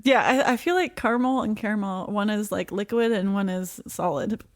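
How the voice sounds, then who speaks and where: A woman's voice: medium pitch, normal speed. A woman on a podcast, chatting casually in an easygoing way and often hesitating or trailing off. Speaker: podcast co-host. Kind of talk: casual chat.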